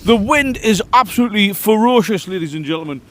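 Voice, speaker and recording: A man hosting a casual outdoor camping vlog, joking and calling the viewers ladies and gentlemen. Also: sits high, lively intonation, brisk. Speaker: vlog host. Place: outdoors at a windy campsite.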